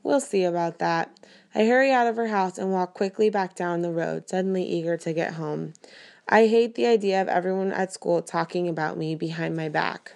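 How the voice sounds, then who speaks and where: A woman narrating a novel aloud in the first person, with steady, inward storytelling. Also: lowish voice, brisk, gravelly. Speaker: audiobook narrator.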